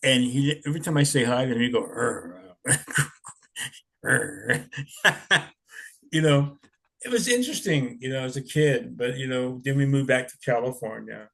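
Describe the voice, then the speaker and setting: A man's voice: medium pitch, animated, a little fast, vocal fry, fairly bright tone. Older man rambling, chuckling storyteller. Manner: rambling, chuckling, many "you know"s. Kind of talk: casual storytelling.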